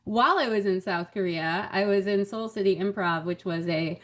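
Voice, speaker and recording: A woman comedian as a podcast guest, telling stories in a chatty, animated way with frequent laughs. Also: medium pitch, normal speed. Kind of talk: casual podcast chat.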